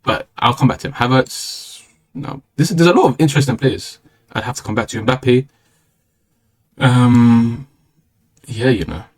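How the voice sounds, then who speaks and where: A man's voice: mid-range voice, a little slow, pauses often. A young British man with a British accent chatting casually on a live stream, slangy, rambling and opinionated.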